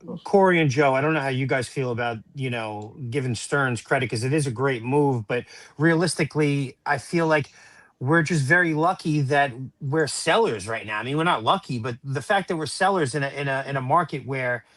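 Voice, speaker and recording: A man's voice: medium pitch, brisk, a bit bright, no echo. A man in casual sports talk, sharing opinions in a hedging way. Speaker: co-host.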